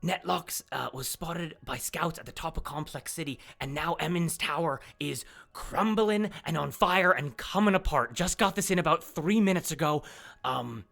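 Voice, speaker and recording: A man's voice: a little high, normal speed, vocal fry, fairly bright tone. A man voicing a slim, nervous male elf clerk who keeps apologizing, in a fantasy tabletop game. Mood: flustered.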